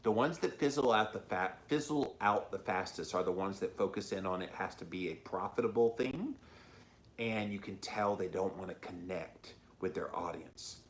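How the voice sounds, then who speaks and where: Middle-aged Southern male host, lowish voice, folksy and encouraging, unhurried delivery. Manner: chatty, encouraging, folksy, slow-spoken. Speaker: podcast host reading viewer comments. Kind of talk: casual livestream chat.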